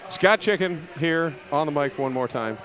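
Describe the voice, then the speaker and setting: A man's voice: fairly high pitch, animated, a bit bright. A man doing live play-by-play commentary, chatty and joking between calls. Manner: joking, conversational, quick asides.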